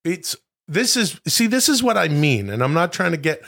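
A man's voice: on the high side, very animated, moderate pace, creaky, fairly bright tone. A man from Canada co-hosting a comedy podcast, joking and swearing through a vlog recap. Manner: jokey, swears a lot, drawls signs in a put-on Canadian accent. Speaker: podcast co-host. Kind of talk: casual comedic chat and vlog commentary.

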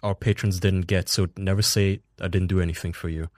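A man's voice: deep voice, little pitch movement, fairly quick, dry recording, clean studio sound. A man co-hosting a podcast in casual chat, joking with goofy asides. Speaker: podcast co-host.

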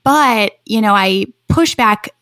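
A woman's voice: mid-range voice, takes it slowly, a bit bright, no echo, studio quality. A woman therapist talking casually and earnestly, explaining ideas thoughtfully and swearing now and then. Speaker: therapist, podcast guest. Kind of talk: casual chat.

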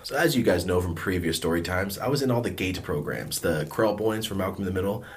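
A young man from California telling a casual, profane storytime, animated and acting out voices. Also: low-pitched, quick pace, slight background noise. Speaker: vlogger.

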